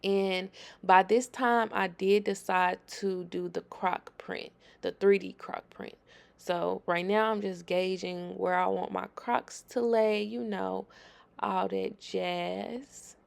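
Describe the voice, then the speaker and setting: A woman's voice: mid-range voice, steady tone, takes it slowly, gravelly. A woman hosting a nail tutorial, talking viewers through her work in a chatty, emphatic voice-over.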